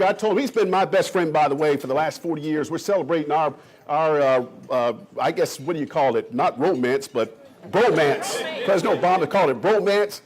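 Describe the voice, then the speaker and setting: A man in his fifties from Kentucky, giving an enthusiastic, joking speech to a room of realtors as a county economic development official. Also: on the high side. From Kentucky, USA. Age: 50s. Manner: enthusiastic, jokey storyteller who riffs off the crowd. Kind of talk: energetic speech to a live audience.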